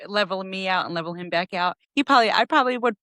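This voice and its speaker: A woman's voice: mid-range voice, fast talker, bright, forceful tone, no echo. A woman in her thirties co-hosting a casual parenting podcast, talking earnestly and reflectively with many fillers. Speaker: podcast co-host. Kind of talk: casual chat.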